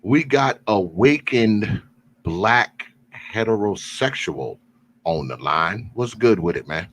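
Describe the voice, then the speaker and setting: Host, male, very low voice, relaxed call-in chat. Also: low-quality recording. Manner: laid-back, laughs often, drawn-out fillers. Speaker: host of live call-in stream. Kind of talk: casual live-stream chat.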